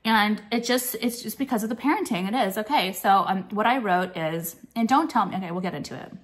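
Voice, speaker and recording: A woman's voice: medium pitch, a little fast. A young woman ranting to camera in a swearing, contemptuous tone, hammering points with repeated "okay?" and "like". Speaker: vlogger. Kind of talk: profane ranting monologue.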